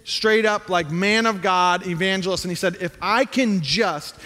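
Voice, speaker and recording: A man's voice: sits high, normal speed, pushed and bright. A middle-aged male pastor preaching a sermon in a conversational tone that rises to emphatic pleading. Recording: hall reverb.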